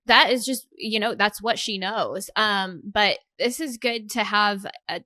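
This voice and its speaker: A woman's voice: medium pitch, a little slow, bright, forceful tone, no echo, clean studio sound. A woman coaching on patient calls, talking in a direct, casual way with plenty of filler words. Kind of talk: conversational podcast talk.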